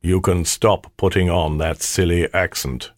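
Guy doing a deep slow ring spirit from an audiobook, aloof, commanding, dry close sound. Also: fairly even intonation, no room sound. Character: ancient male ring spirit, aloof, terse. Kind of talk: audiobook character voice.

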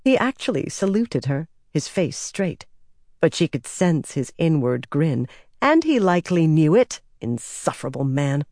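A man narrating a fantasy audiobook in an even, measured storytelling voice. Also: on the high side, dry recording, studio quality.

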